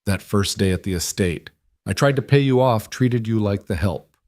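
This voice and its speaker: A man's voice: lowish voice, moderate pace, darkish tone, no room sound, close to an everyday voice. A humbled wealthy older father, played by a male narrator, speaks earnestly and apologetically in a storybook reading. The voice sits a little above the narration and is dry and close.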